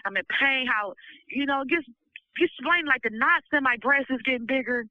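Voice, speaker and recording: A woman's voice: high-pitched, normal speed, no echo. A woman speaking urgently and emotionally on a phone, with repeated fillers. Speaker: prisoner pleading for help. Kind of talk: recorded phone plea. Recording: muffled phone line.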